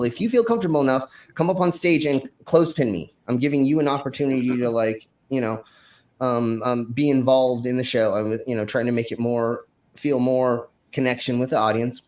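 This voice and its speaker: A man hosting a stream, telling a wild story from his past in a rambling, profane way with many fillers and restarts. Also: medium pitch. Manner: acts out his own shouted lines in the story. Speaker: stream host. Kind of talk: casual storytelling.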